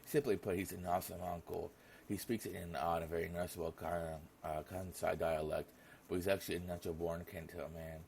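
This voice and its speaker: A man's voice: deep voice, level tone, a little fast, gravelly, a little mellow, slight background noise. A young man reading a visual novel aloud in a casual manner, stumbling over names now and then. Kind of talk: reading game text aloud.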